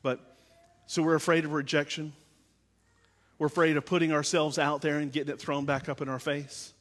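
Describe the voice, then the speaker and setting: A middle-aged man preaching a sermon as pastor, swinging from quiet confiding to loud impassioned preaching. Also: fairly high pitch, flat delivery, normal speed. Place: church sanctuary. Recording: long reverb of a church hall.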